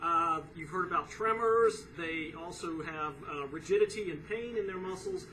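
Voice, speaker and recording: A man with a high, very bright voice talks from a comedy club stage. He explains things earnestly, with lots of filler pauses. The recording comes from far back in the room and has a faint hiss underneath. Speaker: comedian and resident punster. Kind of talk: stand-up style introduction to a charity pun contest.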